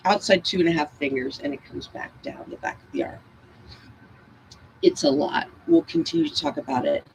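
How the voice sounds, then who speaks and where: A woman leads a slow breath and bodywork session, her voice gravelly with a lively, rising and falling pitch. She talks in calm, guiding cues. A faint hum of noise sits under her voice. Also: poor audio. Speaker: movement instructor. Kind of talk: guided breath and bodywork class.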